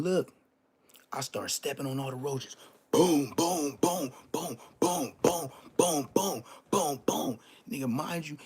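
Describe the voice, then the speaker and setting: A man's voice: mid-range voice, creaky, darkish tone. Profane Los man telling a story. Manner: profane, emphatic, repeats street oaths. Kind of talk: casual live-stream storytelling.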